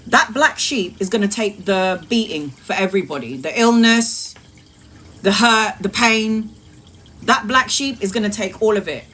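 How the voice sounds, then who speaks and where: A woman's voice: mid-range voice, measured pace, a bit bright. A woman tarot reader speaks to her live-stream audience in an emphatic, repetitive way, with a mid-range voice. She calls her listeners sweet names and drops blunt swear words without hesitation. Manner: emphatic and repetitive, addresses viewers as "my love", swears freely. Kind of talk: live-streamed spiritual talk.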